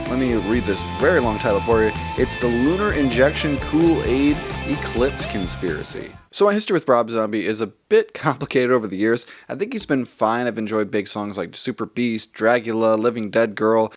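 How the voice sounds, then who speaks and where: A man hosting his own channel, giving a casual, chatty music review with small laughs. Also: on the low side. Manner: chatty, laughs while talking. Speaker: host.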